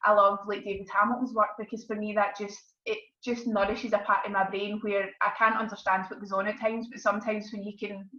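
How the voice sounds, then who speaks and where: A woman's voice: medium pitch, little pitch movement, a little fast, few pauses, bright, forceful tone. Earnest woman counsellor in a roomy space. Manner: earnest, reflective, passionate. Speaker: counsellor and meditation teacher. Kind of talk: casual interview talk. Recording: dull, roomy sound.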